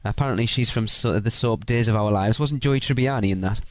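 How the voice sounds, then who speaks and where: A man's voice: on the low side, fairly quick, no echo. A man co-hosting a podcast, reading out a listener's trip report in a casual, joking way. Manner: joking, teasing. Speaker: podcast co-host.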